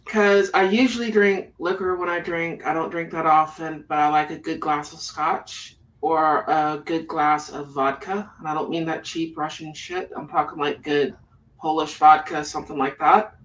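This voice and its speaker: A live-stream host talking in a relaxed, chatty way with little laughs between phrases. The voice sits at a middle pitch. It is picked up from some distance away from the microphone. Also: moderate pace. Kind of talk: casual chat.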